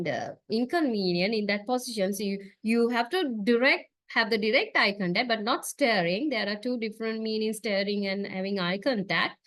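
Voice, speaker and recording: A woman's voice: fairly high pitch, fairly bright tone, no room sound. A woman lecturer giving a classroom lecture, explaining step by step and checking in with "okay?" and "right?". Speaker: university lecturer.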